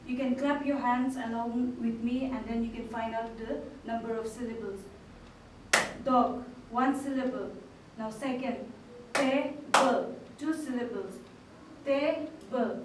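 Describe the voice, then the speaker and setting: A woman's voice: a little high, background noise. Woman teacher, echoey room from far off. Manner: slow, clear, syllable-stressing delivery. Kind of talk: online class lesson.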